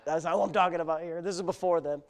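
A man preaching a sermon as pastor, moving between quiet storytelling asides and loud, fervent exclamations. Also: on the high side, fairly even intonation, racing. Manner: storytelling with humor.

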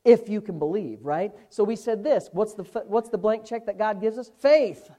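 Male pastor, emphatic sermon, drawn-out scripture quotes. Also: high voice, dark tone. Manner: emphatic preaching, slows and swells on scripture.

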